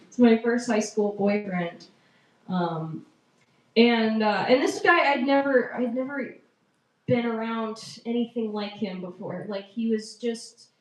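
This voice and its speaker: A woman's voice: medium pitch, distant mic. A woman from a small town in Massachusetts performing a stand-up comedy set. She is chatty and self-mocking, and she often laughs at her own jokes. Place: live comedy open mic venue. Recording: roomy live venue, voice from afar.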